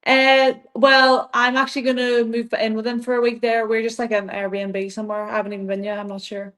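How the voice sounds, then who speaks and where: Young woman, Irish accent, higher pitch, casual rambling interview chat, laughs a lot. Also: little pitch movement, brisk, a bit bright. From Ireland. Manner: rambling, laughs often, lots of "like". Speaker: guest athlete.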